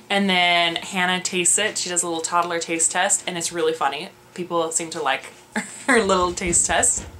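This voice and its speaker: Young woman vlogger, bright and forceful voice, self-mocking chatter, faint hum behind. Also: lowish voice. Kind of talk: casual chat to camera.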